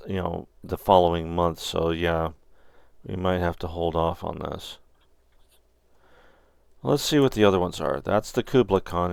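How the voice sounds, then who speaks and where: A man's voice: sits low, gravelly, a little mellow, clean tone, dry recording. A man hosting a gaming channel, chatting casually with his co-host and thinking aloud as he browses. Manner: thinks aloud while browsing, loose and joking. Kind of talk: casual chat.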